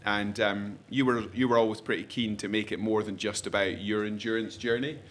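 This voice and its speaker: Fast-talking man hosting a live podcast. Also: on the low side, steady tone, fairly bright tone. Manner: quick, rambling with many restarts. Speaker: podcast host. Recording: faint ambient noise, live event.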